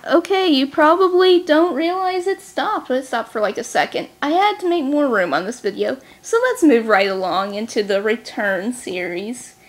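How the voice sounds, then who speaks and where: Sarcastic, fast-talking woman vlogger. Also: sits high, lively intonation. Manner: sarcastic, snarky; talks fast. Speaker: book reviewer. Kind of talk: casual vlog recap.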